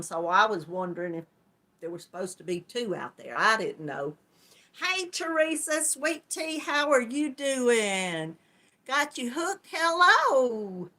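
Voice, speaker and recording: Chatty Southern woman, slow and bright. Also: medium pitch. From Georgia, US. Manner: chatty, affectionate, calls viewers hon and darling. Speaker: host greeting live chat viewers. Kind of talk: casual live-stream chat.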